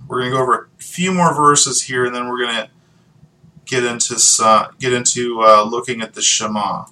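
A man teaching from the Bible, reading passages aloud and then explaining them in a loose, halting way with frequent ums. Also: mid-range voice, lively intonation, vocal fry, pushed and bright, distant mic, rough recording. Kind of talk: scripture teaching with read passages.

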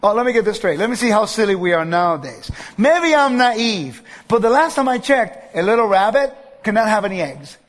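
Male preacher with a strikingly high voice, lively sermon delivery that acts out characters' lines, recorded in a hall with a long echo. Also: a little fast, few pauses. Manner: keeps checking in with the audience and acts out quoted voices.

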